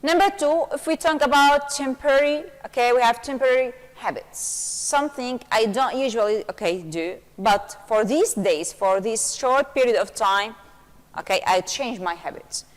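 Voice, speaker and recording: Patiently and slowly, an English teacher from Syria explains grammar rules step by step, repeatedly dropping in "okay." Her voice sits a little high. The recording is full of long, hollow room echo.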